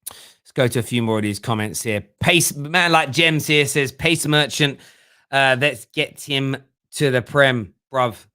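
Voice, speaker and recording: A man's voice: medium pitch, unhurried, sharp tone, clean tone. A young man hosting a casual football fan live stream, joking and reading viewers' comments aloud. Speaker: fan channel host.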